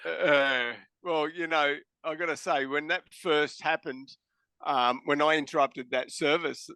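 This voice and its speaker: A man's voice: fairly high pitch, steady tone, unhurried, sharp tone, clean tone, no echo. A man with an Australian accent, a podcast guest telling stories casually and bluntly, swearing freely. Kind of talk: casual storytelling.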